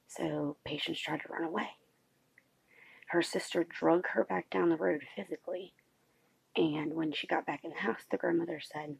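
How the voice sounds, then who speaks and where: A woman vlogger talking quietly at home late at night so as not to wake anyone, halting and pausing with many fillers. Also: low-pitched, fairly even intonation, creaky, husky, dry recording, rough recording. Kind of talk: late-night confessional vlog.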